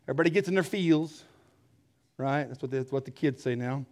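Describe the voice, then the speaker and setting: A man preaching a fiery sermon, rising to shouts and dropping to hushed tones, repeating phrases and firing rhetorical questions. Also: a little fast. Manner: swings from loud emphatic shouting to low hushed tones.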